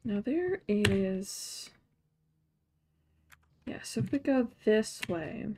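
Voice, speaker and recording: A woman's voice: medium pitch, sing-song, extremely slow, background noise. A woman streamer giving casual, rambling gameplay commentary with a chatty, self-mocking way of talking.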